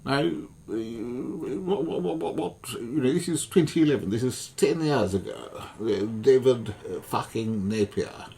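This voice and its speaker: A man's voice: mid-range voice, lively intonation, unhurried, dark tone, breathy edge. A man delivering an angry, swearing monologue as an online commentator, furious and repetitive.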